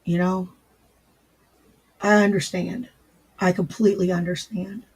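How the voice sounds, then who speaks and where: A man hosting a casual livestream, answering viewers in his chat and gently repeating his reassurances. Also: high-pitched, level tone, measured pace, slightly rough. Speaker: livestream host.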